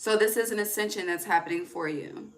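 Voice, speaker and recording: A woman's voice: fairly low pitch, a little fast, a bit bright. A woman giving a casual, rambling tarot reading, laughing often and trailing off mid-sentence. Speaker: tarot reader.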